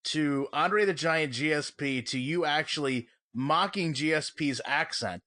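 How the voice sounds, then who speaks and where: A man's voice: a little high, measured pace, bright, forceful tone, no echo, clean studio sound. A man co-hosting a casual sports podcast, talking with wry, teasing banter. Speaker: podcast co-host.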